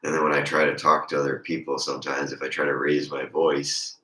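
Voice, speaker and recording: A man chats casually on a stream in a slow ramble, his throat congested, and his voice squeaks and crackles whenever he raises it. His delivery is flat but his tone is bright and forceful, and the room sounds echoey.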